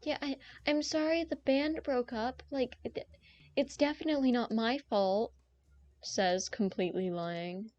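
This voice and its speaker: Her pitch is fairly high and her delivery unhurried and a little mellow. While streaming a game, this young woman chats with viewers in a loose, joking, rambling way, over dull lo-fi stream audio.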